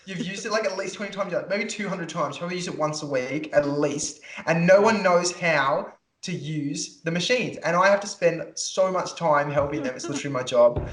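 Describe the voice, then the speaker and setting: A man's voice: on the high side, normal speed, hardly any pauses, fairly bright tone, echoey room. A young man, co-hosting a casual podcast and ranting, swearing freely. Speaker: podcast co-host. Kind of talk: casual chat.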